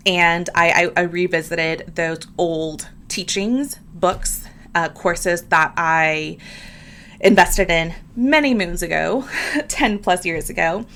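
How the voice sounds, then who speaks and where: A woman's voice: lowish voice, a bit bright. A woman hosting her own podcast, talking candidly and earnestly, addressing listeners directly and often repeating words as she works through her thoughts. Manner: earnest, emphatic, repeats words when moved. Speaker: podcast host. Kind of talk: candid personal podcast monologue.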